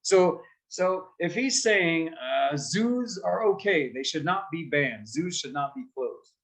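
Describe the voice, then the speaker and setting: A man teaching young students about debate in a lively way, asking them questions and acting out examples. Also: a little high, slow, poor audio. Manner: lively, asks the class questions and acts out examples. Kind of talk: explaining debate skills to children.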